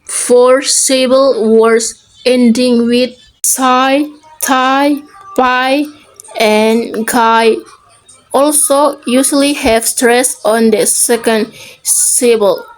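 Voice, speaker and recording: A woman's voice: on the high side, fairly even intonation, rough recording. A woman presenting a scripted pronunciation lesson, reading example words one by one. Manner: very slow, word-by-word reading of example lists. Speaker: student presenter.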